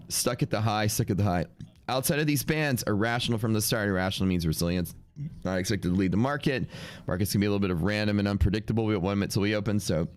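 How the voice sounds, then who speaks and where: A young man with a deep, low voice and a stuffy, sniffly nose talks offhandedly through a live trading stream. He mutters numbers to himself as he works, then turns to chat with viewers in a relaxed, casual way. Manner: offhand, thinking aloud while reading out numbers. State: congested with sniffles. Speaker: live-stream day trader.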